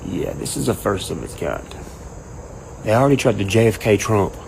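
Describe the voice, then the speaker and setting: A man ranting casually and profanely, rambling and animated. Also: on the low side, normal speed, gravelly, slight background noise, poor audio. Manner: profane, rambling, animated, quotes people in mock voices. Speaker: online commentator. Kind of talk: casual rant to camera.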